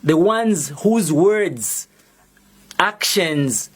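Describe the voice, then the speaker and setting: A young Zambian man with a Zambian accent, making a measured, defiant public statement as a musician and activist. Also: high-pitched, animated, slightly rough.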